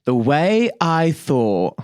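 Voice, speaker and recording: A man's voice: fairly high pitch, very animated, very slow, darkish tone, clear, resonant tone. A man co-hosting a podcast in casual chat, telling stories animatedly, swearing freely and acting out quotes. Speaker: podcast co-host.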